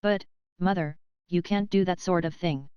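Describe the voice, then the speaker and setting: A woman's voice: on the low side, normal speed, clear, resonant tone, no room sound, highs cut off, close to an everyday voice. A woman reading the part of a curt, dictatorial young male English official in an audiobook.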